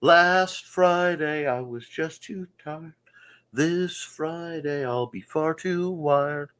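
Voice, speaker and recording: A man's voice: fairly high pitch, slow pace, fairly bright tone, clean tone. A man hosting a casual morning chat show, joking and riffing on viewer comments in a goofy manner. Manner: goofy, jokey, mock-announcer asides.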